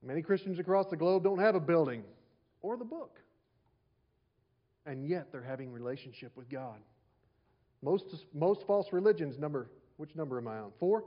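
A man's voice: a little high, expressive, moderate pace, pauses often, dull audio. A man preaching a sermon to his congregation, repeating key phrases and asking the listeners rhetorical questions. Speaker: pastor.

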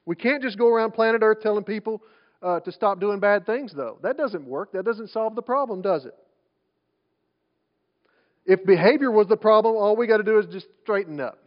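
A man preaches, his voice pitched high for a man. He talks to the congregation in a loose, conversational way, throws out rhetorical questions and stumbles into restarts. The recording sounds dull and lo-fi. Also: animated, moderate pace. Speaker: pastor. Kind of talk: sermon.

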